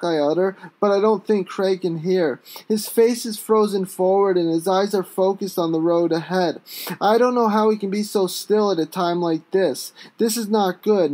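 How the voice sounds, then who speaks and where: A man reading his own first-person story aloud, with an intense, raw delivery that breaks into sudden shouts. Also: high-pitched.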